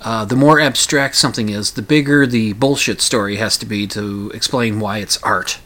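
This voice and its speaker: A man's voice: on the low side, normal speed, fairly bright tone. A middle-aged man rambling through a casual personal monologue, full of fillers, restarts and dry humor.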